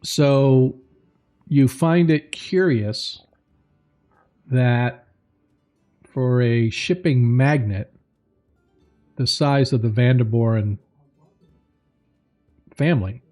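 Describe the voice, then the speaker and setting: Slow, mellow-voiced male game master. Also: mid-range voice, faint music behind. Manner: slow, relaxed, halting with many fillers. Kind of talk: narrating a tabletop game.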